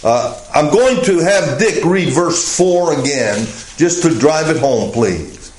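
A man teaching a Bible lesson as pastor, speaking slowly and deliberately with frequent "uh" fillers. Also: fairly high pitch, lively intonation, reverberant, a little hiss or hum, rough recording.

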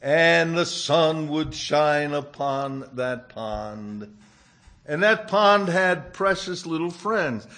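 A male preacher delivering a sermon through a storybook fable. He speaks slowly and gently, with a voice sitting slightly high for a man. His telling is soft and unhurried. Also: animated.

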